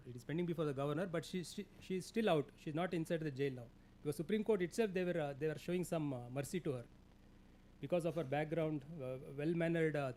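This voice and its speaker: A man with an Indian English accent giving a classroom lecture, halting with fillers and restarts and telling students what to underline. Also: a little high, a little mellow, a little hiss or hum. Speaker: lecturer on labour law. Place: lecture hall.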